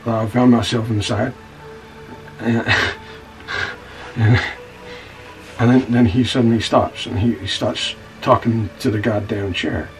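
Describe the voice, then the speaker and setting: An actor playing a blunt scoundrel with a stammering, rambling delivery, narrating a story, recorded from a distance with faint music. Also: male voice, on the low side, fairly even intonation, slow, pauses often. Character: rough-talking scoundrel man telling a wild story.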